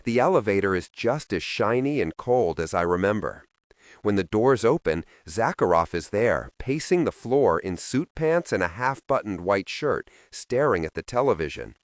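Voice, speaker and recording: A man narrating a first-person urban fantasy audiobook in a measured, introspective, tense way. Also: fairly low pitch, sing-song, no room sound, clean studio sound.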